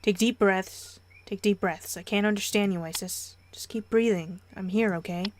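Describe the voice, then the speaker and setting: A woman's voice: medium pitch, fairly even intonation, moderate pace, slight background noise, natural voice. Woman voicing a soothing young boyfriend. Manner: soothing, coaxing. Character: caring young boyfriend, gentle and reassuring.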